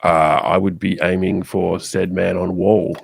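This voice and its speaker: A young Australian man playing a tabletop game, animated, laughing and swearing casually. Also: deep voice, unhurried, gravelly, husky, dry recording. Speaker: player.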